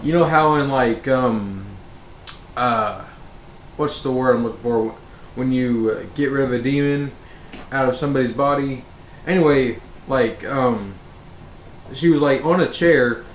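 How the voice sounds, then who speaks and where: A man's voice: medium pitch, a little slow, pauses often. A man telling a storytime monologue as a vlogger, rambling with many fillers and restarts. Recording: roomy echo with faint background noise.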